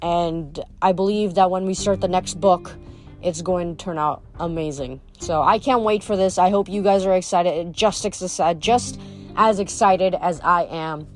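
A woman's voice: lowish voice, a little slow, faint music behind. Casual woman reading aloud. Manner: casual, with fillers and restarts. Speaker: podcast host reading a novel aloud. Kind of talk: read-aloud narration and casual sign-off.

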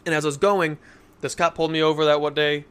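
A man's voice: a little high, level tone, fast, a bit bright, clean tone. A young man in casual Christian podcast talk, earnest and telling stories to make his point. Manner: earnest, storytelling with acted quotes.

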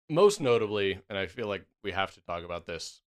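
A young man with a very low, smooth, resonant voice talks casually on a podcast. He is opinionated and laughs easily, with a loose, friendly delivery. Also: sing-song, normal speed. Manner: chatty, laughs often, opinionated. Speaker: podcast co-host. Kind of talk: casual chat.

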